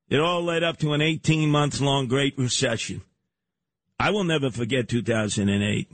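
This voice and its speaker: A man hosting a radio talk show, ranting loudly and in mock confrontation, repeating his questions. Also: medium pitch, moderate pace, no echo. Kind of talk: on-air radio rant. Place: radio studio.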